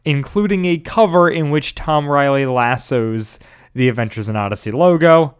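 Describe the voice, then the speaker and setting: A young man co-hosting a casual podcast chat, talking in halting stops and restarts with dry jokes. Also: fairly high pitch, clean tone. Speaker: podcast co-host.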